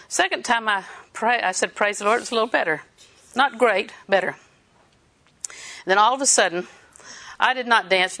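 Older female preacher, bright tone, lively anecdotal sermon delivery. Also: medium pitch. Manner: storytelling, animated, laughs while preaching.

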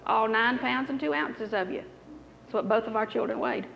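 A woman's voice: on the high side, moderate pace, gravelly, highs cut off, a little hiss or hum. A middle-aged woman preaching a healing sermon, telling a story in a repetitive, anecdotal way before moving into prayer. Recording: hall reverb with faint music.

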